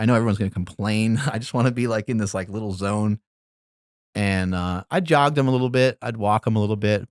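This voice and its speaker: A middle-aged man, a podcast guest, telling stories in a relaxed, rambling way and laughing now and then. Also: lowish voice, no room sound, studio quality. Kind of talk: casual storytelling.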